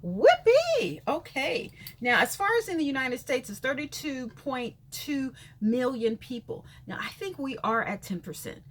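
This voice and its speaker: A woman's voice: sits high, lively intonation, normal speed, hardly any pauses, a bit bright. A woman vlogging at home, chatting casually to the camera in a sassy, playful way. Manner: sassy, playful, calls viewers honey. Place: home room by a sunny window.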